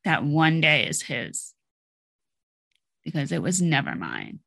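A woman's voice: low voice, wildly swooping pitch, takes it slowly, creaky, a bit bright, no echo. A middle-aged woman hosting her own podcast, telling a personal story in a blunt, candid way and swearing freely. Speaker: podcast host. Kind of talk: personal monologue.

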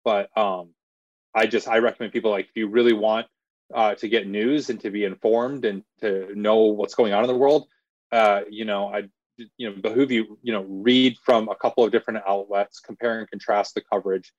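Low-voiced man on dull lo-fi audio. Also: fairly even intonation, normal speed, no room sound. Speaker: guest journalist. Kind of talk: casual interview.

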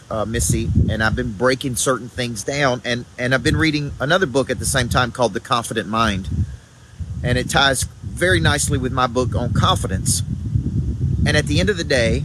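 Southern male coach, upbeat live talk, hammers home phrases, noisy recording with air-con hum. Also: medium pitch. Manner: energetic, repeats key phrases, greets viewers by name. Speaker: motivational speaker and coach. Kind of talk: live morning video talk to viewers. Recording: loud background noise.

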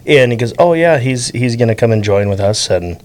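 A man's voice: mid-range voice, animated, a little fast, darkish tone. A man hosting a community podcast, telling a story casually and acting out the quoted lines. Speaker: podcast host. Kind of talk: casual chat.

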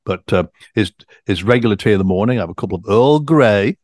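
This is a middle-aged English man co-hosting a casual podcast. His voice is low and relaxed, and he chats easily while poking fun at himself. The recording is dry, with no room sound. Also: fast, no echo. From England. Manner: easygoing, chatty, self-deprecating. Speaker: podcast co-host. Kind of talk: casual chat.

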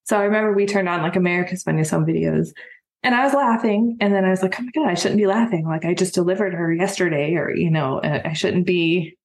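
A soft-spoken woman in her thirties with a fairly low voice, speaking with earnest warmth and plenty of fillers. Her voice carries a roomy echo around it. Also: fast talker. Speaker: guest. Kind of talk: personal conversation.

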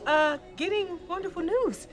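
A woman's voice: very high voice, moderate pace. An actress playing a cheerful mother about to remarry, in a sweet, sing-song sitcom voice over music. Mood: sugary. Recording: sitcom clip with loud music.

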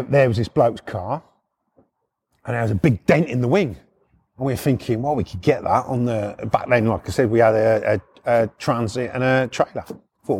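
Blunt, husky storyteller. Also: male voice, medium pitch, darkish tone. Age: middle-aged. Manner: blunt and profane, slangy, chuckling through the story. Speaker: former repo man storyteller. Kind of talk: casual anecdote telling.

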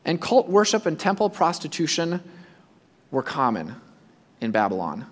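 A male preacher giving a sermon, speaking in a high voice with a lot of movement in his pitch. He acts out the imagined voices of the people he talks about. His voice rings out with a long reverb, as in a large hall. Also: very animated, moderate pace. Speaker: pastor.

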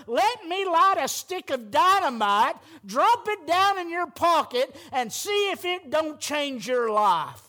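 A man preaching a sermon as pastor, fervent and rising to loud, emphatic peaks. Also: very high voice.

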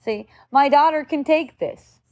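A middle-aged woman gives a relaxed spiritual talk in a fairly high voice. She muses aloud in a conversational way and drifts into acting out the voices of the people she quotes. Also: a little slow. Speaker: spiritual teacher.

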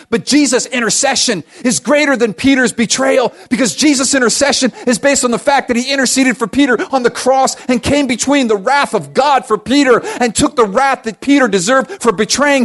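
A male pastor delivering a sermon in a notably high voice. He preaches with passion, pushing hard on key phrases, then dropping to quiet, near-whispered asides. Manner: passionate, swinging between loud emphasis and hushed asides.

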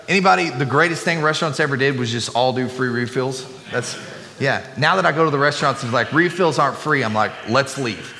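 A man's voice: medium pitch, pushed and bright. A middle-aged man, preaching a sermon as a pastor, chatty and full of joking asides to the congregation. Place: church sanctuary. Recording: long hall reverb, faint room ambience.

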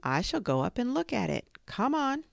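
A woman voicing a kind, steady young boy in a storybook reading, calm and reassuring. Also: on the high side, normal speed, vocal fry, dry recording, clean studio sound, voice pushed up, heavily acted.

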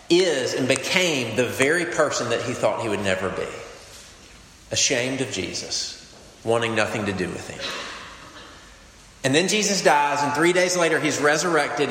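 A man's voice: mid-range voice, pushed and bright, a little hiss or hum. A man giving an earnest, conversational sermon as a campus minister, with frequent fillers. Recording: echoey hall with long reverb.

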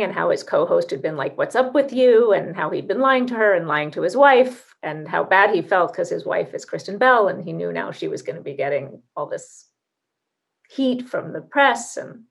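A woman co-hosting a podcast, chatty and animated as she tells a story. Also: on the low side, creaky, breathy edge. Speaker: podcast co-host. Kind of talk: casual conversation.

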